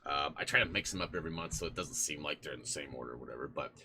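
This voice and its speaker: A man's voice: extremely low pitch, rapid-fire, sharp tone, slight background noise. A man hosting a casual live stream from in front of a green screen, chatting in a rambling way and thanking supporters by name.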